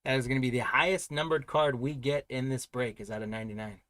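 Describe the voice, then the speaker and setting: A man's voice: mid-range voice, fast, fairly bright tone, no echo. A man hosting a live trading card break, announcing pulls and congratulating buyers in an upbeat, chatty way.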